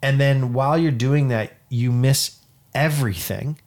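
A man's voice: mid-range voice, a little slow, darkish tone. A man in his thirties from Canada, co-hosting a podcast and telling a personal story in an earnest, rambling way with many restarts. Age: 30s. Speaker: podcast co-host. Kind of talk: casual chat.

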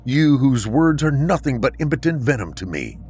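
A man voicing a calm, resolute male warrior who speaks in a cold, quiet, measured way. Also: mid-range voice, breathy edge, soft background music, pitched above the performer's own voice. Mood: cold resolve.

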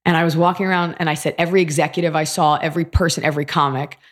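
A woman comedian in her thirties chatting on a podcast, blunt and animated, swearing freely as she tells stories. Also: low-pitched, racing. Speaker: comedian guest. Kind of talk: casual podcast chat.

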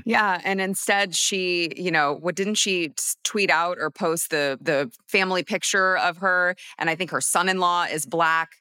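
A woman with a bright voice talks as a guest on a political show in a conversational, wry way. The sound is dry and close. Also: lowish voice, a little slow, hardly any pauses, clear, resonant tone, no room sound. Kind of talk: political talk show discussion.

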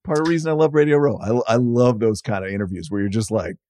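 A man's voice: medium pitch, fast, mellow. A man guesting on a podcast as a media writer, talking in a thoughtful, wry way, building his points in short phrases. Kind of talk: casual podcast conversation.

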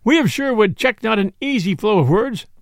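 A man's voice: high-pitched, lively intonation, normal speed, no echo, studio quality, voice pushed up. A man voicing a jolly outlaw leader who teases with mock gravity, in an audiobook reading. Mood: mock-grave. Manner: teasing and mock-grave.

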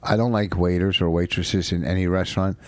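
Grumpy, ranting man with a low voice. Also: steady tone, a little fast, darkish tone, no room sound. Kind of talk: casual chat.

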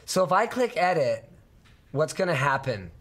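Hoarse, sick man ranting on a podcast. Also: fairly high pitch, big pitch swings, moderate pace, fairly bright tone. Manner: exasperated, ranting. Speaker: show host. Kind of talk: casual podcast chat.

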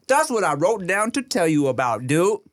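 A man's voice: sits high, big pitch swings, moderate pace, no room sound. A man in his thirties, a podcast co-host, telling a story in casual, profane chat and laughing often. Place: podcast studio.

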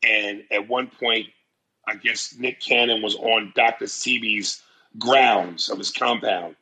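A man in casual chat, telling stories in an animated, profane way. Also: on the low side, slow, breathy edge, poor audio.

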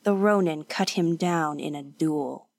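A woman's voice: low voice, unhurried, gravelly, no room sound, studio quality, exaggerated voice. A woman voicing a proud, impatient young man in a storybook reading, speaking curtly and earnestly. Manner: curt, earnest, tense.

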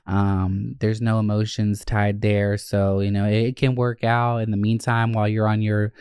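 A young man hosting a podcast, answering listener questions in a chatty, expressive way and swearing casually. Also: fairly low pitch, clear, resonant tone, dry recording, studio quality. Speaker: podcast host. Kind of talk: casual Q&A chat.

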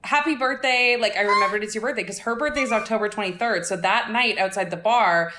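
A woman telling a story as a podcast guest in casual chat, animated and quick, often laughing. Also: medium pitch, echoey room, background noise.

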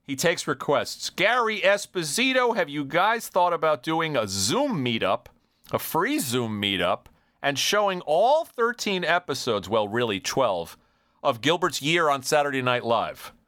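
A male podcast host with a slightly high, animated voice works through listener questions in casual chat. He reads briskly and chuckles between items, and the sound is dry and close. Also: no echo.

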